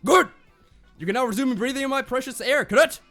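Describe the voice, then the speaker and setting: A man voicing a gruff, pompous male drill sergeant major who barks commands and sneers insults at cadets while reading a visual novel on stream. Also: extremely high pitch, brisk, pushed and bright, soft background music, voice pushed up. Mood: barking.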